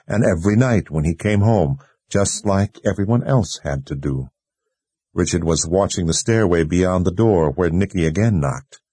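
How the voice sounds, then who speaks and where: A man reading a fantasy novel aloud in steady scripted narration. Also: on the low side, dry recording. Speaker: audiobook narrator.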